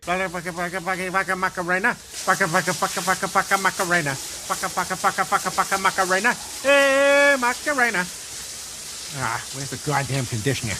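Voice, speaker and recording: Ted, a brash Boston teddy bear. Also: male voice, very high-pitched, wildly swooping pitch, normal speed, heavily acted. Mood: singing, carefree. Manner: brash, profane, singing along. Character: crude foul-mouthed male teddy bear. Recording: film clip with noisy background.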